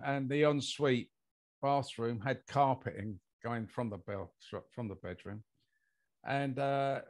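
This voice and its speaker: An older British man, a guest on an interview podcast, telling a long personal story in a rambling way with lots of fillers. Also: medium pitch. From United Kingdom. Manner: rambling anecdotal delivery with many fillers. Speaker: guest, mold investigator.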